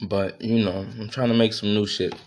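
A man's voice: on the low side, steady tone, normal speed. Heated, cursing man venting. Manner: profane, heated, repeats himself. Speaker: podcast host. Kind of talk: venting monologue.

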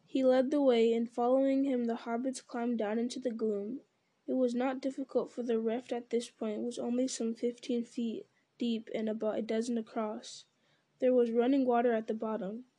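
Mellow-voiced woman reading a story aloud. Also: a little high, level tone, moderate pace. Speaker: audiobook reader. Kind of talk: storybook narration.

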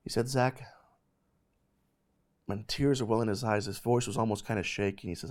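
A man in his thirties, host of a ministry show, telling a personal faith testimony in an animated, emphatic way. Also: on the low side, moderate pace, long pauses. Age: 30s.

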